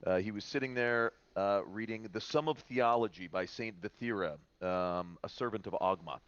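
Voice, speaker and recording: A man narrating as game master in a tabletop game, halting and full of filler sounds. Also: lowish voice, clear, resonant tone, muffled recording.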